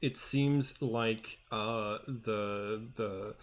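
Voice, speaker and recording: Lower-voiced male game master, slow, halting, filler-heavy improv on a call. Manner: hesitant, halting, many fillers and restarts. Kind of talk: improvised tabletop game narration and in-character talk. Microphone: online voice call.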